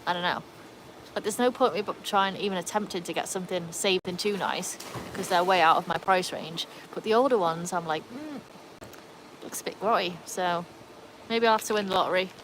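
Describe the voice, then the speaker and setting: A woman's voice: lowish voice, brisk, background noise. A woman with an English accent tinged with Welsh, chatting casually on a livestream and answering viewer comments from her backyard. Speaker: livestream host.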